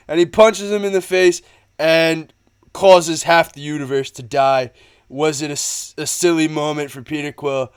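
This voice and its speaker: A young man giving casual, excitable commentary on a movie trailer, rambling and slangy. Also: fairly high pitch, a little slow, clear, resonant tone. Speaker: movie trailer breakdown YouTuber.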